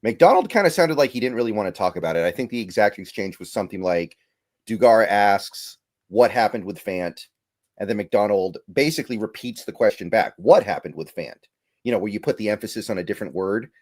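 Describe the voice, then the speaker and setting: A man's voice: fairly low pitch, lively intonation, fast talker, darkish tone. A man hosting a casual sports talk stream, thoughtful with stammering restarts. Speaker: podcast host.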